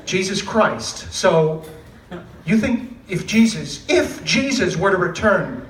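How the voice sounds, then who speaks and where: A man doing a stand-up comedy set in a club, sarcastic and animated, laughing and swearing as he talks. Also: sits high, slow pace. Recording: roomy club sound from a distant mic, with noise.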